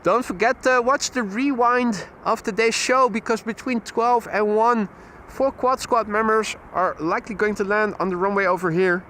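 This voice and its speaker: A Dutch man hosting a live plane-spotting stream outdoors beside an airport runway, giving steady, informative commentary on arriving flights. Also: high-pitched, moderate pace, hardly any pauses, a little hiss or hum. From Netherlands. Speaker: plane-spotting livestream host.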